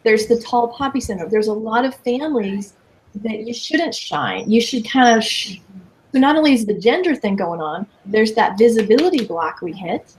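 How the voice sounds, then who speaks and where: A woman in her fifties, a coach talking as a guest in a casual interview, lively and emphatic. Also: a little high, normal speed, slight background noise. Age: 50s. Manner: lively, emphatic, quotes people in playful voices.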